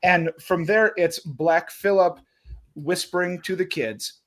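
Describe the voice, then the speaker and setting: Rambling man with a higher voice. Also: slow pace, a bit bright. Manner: rambling, restarts often, acts out characters' thoughts. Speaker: podcast panelist. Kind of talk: casual film discussion.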